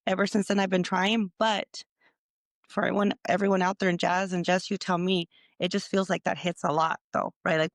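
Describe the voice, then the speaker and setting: A woman co-hosting a podcast, telling a personal story in a halting, emotional way. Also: lowish voice, steady tone, gravelly, dry recording, studio quality. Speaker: podcast co-host. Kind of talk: casual podcast chat.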